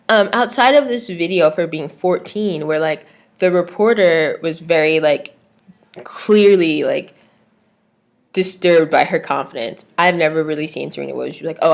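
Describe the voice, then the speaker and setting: A young adult woman ranting casually to her camera, animated and exasperated, full of slang and filler words. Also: lowish voice. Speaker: vlogger.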